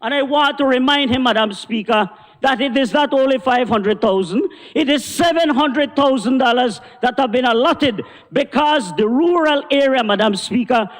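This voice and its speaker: A man with a Belizean accent, a government minister giving a forceful, indignant speech in parliament. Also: very high-pitched. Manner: forceful, indignant oratory, repeating "Madam Speaker". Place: parliament chamber. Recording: long chamber reverb.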